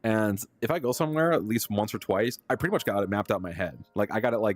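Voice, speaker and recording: A man's voice: on the low side, animated, quick pace, hardly any pauses. A young adult man, a live streamer, telling a story casually and with animation, laughing often and using lots of fillers.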